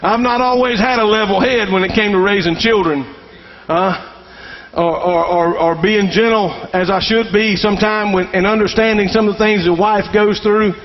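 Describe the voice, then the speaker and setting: A middle-aged preacher man with a strikingly high voice delivers a folksy sermon, often calling out for an amen. The sound is a little dull and rings with the long reverb of a big hall. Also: steady tone, normal speed. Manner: folksy Southern-style preaching with call-and-response. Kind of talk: sermon to fathers.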